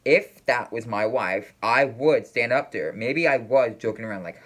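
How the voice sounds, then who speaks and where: A man talks through his reaction in loose, unscripted commentary. He rambles and stalls, stacking fillers and false starts as he hunts for his words, and his voice sits at an ordinary middle pitch. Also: fairly bright tone. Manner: rambling, halting, full of fillers and restarts. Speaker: reaction video host.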